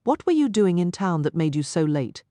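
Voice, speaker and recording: A woman's voice: fairly low pitch, very animated, moderate pace, warm tone, no echo. Woman doing a grave, stern middle-aged father. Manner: stern, lecturing.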